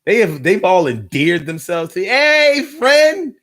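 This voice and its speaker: A man chatting casually on a live stream, telling stories in an animated, slangy way, repeating his phrases and reading out viewer comments. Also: fairly high pitch, moderate pace.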